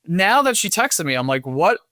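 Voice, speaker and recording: A man's voice: on the high side, expressive, a bit bright, dry recording. A young man appearing as a podcast guest in a casual chat. He teases his host and tells stories in an upbeat, joking way. His voice is recorded dry and close, with no room sound. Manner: teasing and upbeat, telling stories with quick jokes. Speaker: guest attorney.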